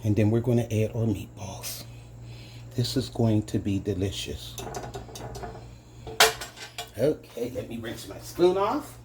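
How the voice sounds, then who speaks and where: A man's voice: fairly low pitch, animated, takes it slowly, pauses often, noisy background. A man hosting a casual cooking demonstration in a home kitchen, chatting to his viewers as "guys" and savoring each taste with little hums. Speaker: home cooking channel host.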